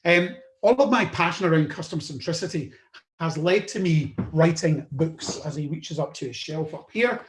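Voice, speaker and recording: A man from the UK tells the story of his career, his voice sitting a little high for a man. He talks loosely, with plenty of "um"s and restarts. The room around him rings with a noticeable echo. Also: lively intonation, moderate pace. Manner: conversational, with frequent "um" and restarts. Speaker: podcast host. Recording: roomy echo.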